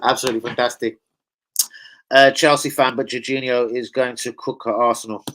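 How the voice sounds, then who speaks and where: A man's voice: medium pitch, flat delivery, a little fast, fairly bright tone, a little hiss or hum, poor audio. A man hosting a football fan live stream, swearing heavily and bantering with slang as he reads the chat. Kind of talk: casual live-stream rant reading chat.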